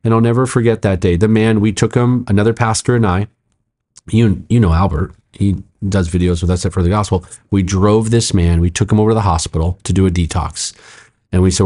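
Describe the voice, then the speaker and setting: A middle-aged pastor with a dark tone rushes through a story during a podcast conversation. His narration is emphatic, full of "like" and "I'm like," and quoted lines get acted out with sudden rises in pitch.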